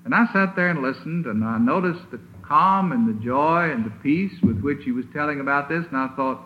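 A man's voice: fairly high pitch, lively intonation. Man, preacher, sermon, emphatic word-by-word stress, tinny old recording, faint hiss. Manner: emphatic, deliberate, stresses single words. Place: chapel.

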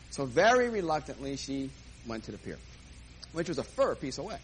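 A man's voice: medium pitch, very animated, brisk, a little hiss or hum, low-quality recording. A man comedian telling a self-mocking story on stage and acting out the dialogue. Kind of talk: stand-up storytelling.

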